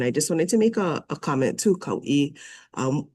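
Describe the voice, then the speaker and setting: Man with a cold and a froggy throat, earnest, explains carefully, slightly high pitch. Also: lively intonation, normal speed, mellow. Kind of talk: public meeting remarks.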